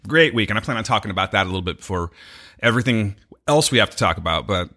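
A man's voice: on the low side, lively intonation, fast, pushed and bright. A man co-hosting a podcast in casual banter, rambling and joking, often laughing, reading out show plugs. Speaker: podcast co-host.

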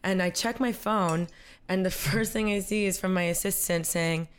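A young woman guest with a slightly low voice, telling a funny story in casual interview talk. She acts out other people's lines and laughs often. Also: little pitch movement, a little slow, clean tone. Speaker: guest, content creator.

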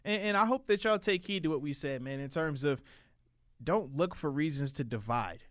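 Sports radio co-host, earnest and emphatic, slightly high voice. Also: male voice, expressive, normal speed, no room sound, clean studio sound.

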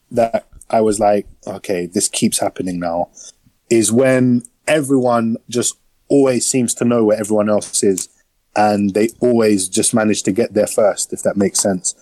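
A man's voice: fairly low pitch, dark tone, no room sound, low-quality recording. Slangy man chatting dry. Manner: rambling, slangy, lots of fillers. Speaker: podcast host. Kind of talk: casual film review chat.

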